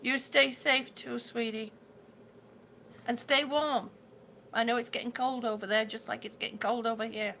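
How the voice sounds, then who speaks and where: High, gravelly woman chatting to viewers live. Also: steady tone, normal speed, sharp tone, a little hiss or hum. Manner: chatty, repeats herself, loses words and laughs it off. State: ringing in the ears, yawning, hungry. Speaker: livestream host reading viewer comments. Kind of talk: casual live chat with viewers.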